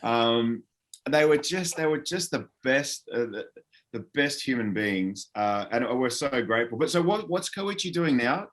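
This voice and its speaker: A man's voice: medium pitch, lively intonation, a little slow, fairly bright tone. A man chatting as a guest on an online panel, telling enthusiastic, rambling stories over a video call. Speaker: panel guest, former series actor. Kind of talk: casual panel chat.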